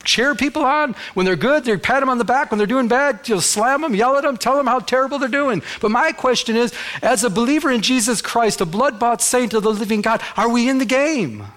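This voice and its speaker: A man's voice: extremely high pitch, a little fast, few pauses, a bit bright. A man preaching a sermon as pastor in a church, emphatic and exhorting.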